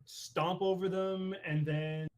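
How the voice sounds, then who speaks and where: A young man hosting a casual podcast chat, running the segments and musing in a drawn-out way. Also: high-pitched, level tone. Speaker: podcast host.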